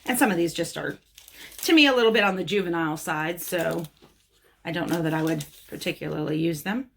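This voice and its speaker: A woman's voice: lowish voice, brisk, gravelly, fairly bright tone. Chatty blunt woman nail tech. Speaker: nail technician. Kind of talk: casual product haul talk.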